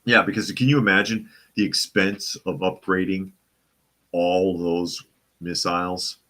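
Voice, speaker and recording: Deep-voiced man hosting a casual talk. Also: steady tone, unhurried, bright, forceful tone. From Boston area. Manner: conversational, restarts and repeats phrases. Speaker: live show host reading viewer comments.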